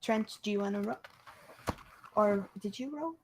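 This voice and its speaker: A young woman playing a tabletop game, excitable and cheering her party on. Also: mid-range voice, measured pace. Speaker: player. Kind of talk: casual tabletop play.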